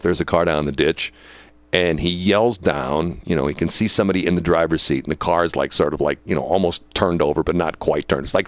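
A man's voice: sits low, dry recording. A man and former police dispatcher telling old work stories in a rambling, casual way, full of fillers and laughter. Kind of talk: casual storytelling.

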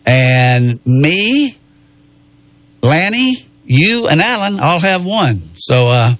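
A man's voice: fairly high pitch, very animated, fairly bright tone, no room sound. Easygoing male host, dry close sound. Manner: easygoing, halting, leads the picks. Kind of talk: casual chat about racing picks.

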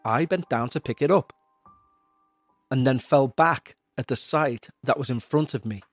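A man's voice: medium pitch, measured pace, soft background music. Man narrating a creepy story. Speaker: podcast host reading a listener's story.

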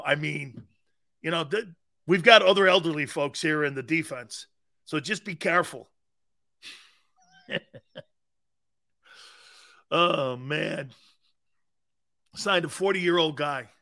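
A man's voice: on the high side, unhurried, gravelly, long pauses, pushed and bright. A middle-aged man hosting a sports talk show, chatting casually, joking and laughing often with rambling asides. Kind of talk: casual sports radio banter.

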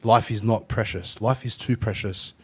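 An Australian man with a lowish, husky voice hosts a casual podcast chat at normal speed. He swears freely and tells stories animatedly, acting out the voices of the people he quotes.

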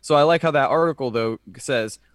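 A man co-hosting a casual podcast chat, animated and profane, slipping into mocking voices. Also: medium pitch, a little fast, no room sound, clean studio sound. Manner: animated, swearing, mocking impressions. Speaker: podcast co-host.

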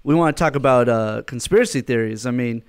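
A man's voice: medium pitch, fast, smooth. A man co-hosting a casual sports podcast, joking and stammering on restarts. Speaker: podcast co-host.

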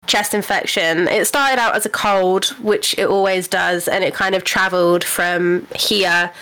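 A woman's voice: fairly low pitch, steady tone, measured pace, bright, forceful tone, clear, resonant tone, low-quality recording. A young British woman co-hosting a podcast, telling a long casual story and acting out the people she quotes. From United Kingdom. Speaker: podcast co-host. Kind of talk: casual chat.

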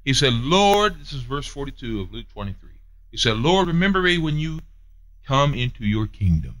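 A man preaching a sermon, emphatic and repetitive, moving between hushed and raised passages. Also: medium pitch, very animated, normal speed, poor audio.

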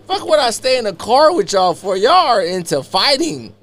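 A man on a podcast telling a profane, animated story and acting out other people's lines. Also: high-pitched, moderate pace. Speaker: podcast co-host.

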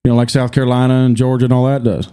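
A mid-pitched man hosts a podcast. He talks casually and jokes, laughing easily. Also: completely flat delivery, very fast, dark tone, clear, resonant tone. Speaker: podcast host. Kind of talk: casual chat.

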